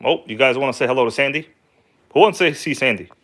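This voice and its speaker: A man's voice: mid-range voice, quick pace, fairly bright tone. A man hosting a casual hobby livestream from home, talking loosely and joking with viewers. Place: at home, kitchen table.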